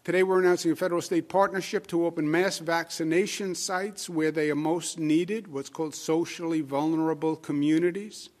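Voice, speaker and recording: A man's voice: on the high side, steady tone, moderate pace, few pauses, darkish tone. A man with a Queens New York accent, a state official giving a press briefing statement with emphatic repetition and frequent filler sounds.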